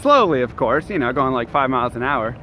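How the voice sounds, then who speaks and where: A man's voice: medium pitch, animated, brisk, bright, forceful tone. Chatty man streaming from a city street. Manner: chatty, reads chat aloud and answers it. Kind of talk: casual live-stream chat. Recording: street noise behind.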